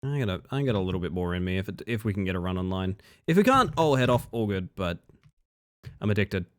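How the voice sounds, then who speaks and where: A man with a somewhat low voice chats casually to his stream audience between game runs. He sounds tired but easygoing, rambling and answering viewers as he plays. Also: quick pace. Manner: relaxed, chatty, talks to chat between runs. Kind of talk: casual gameplay commentary.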